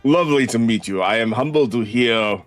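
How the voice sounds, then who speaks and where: A man's voice: mid-range voice, moderate pace, no echo, faint music behind, natural voice. A man voicing a polite old male former barista in a hammy mock French accent, reading game dialogue aloud. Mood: courteous.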